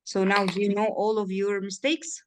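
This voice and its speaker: A woman's voice: medium pitch, little pitch movement, normal speed, a little hiss or hum. A woman, a native Arabic speaker, tutoring in English over a video call, patiently drilling words and checking the student understood. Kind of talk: one-on-one online lesson.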